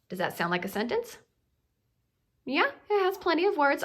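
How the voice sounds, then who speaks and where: A woman's voice: high voice, sing-song, moderate pace, fairly bright tone. A woman teaching young children to write sentences, patient and sing-song, calling them friends. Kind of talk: children's writing lesson.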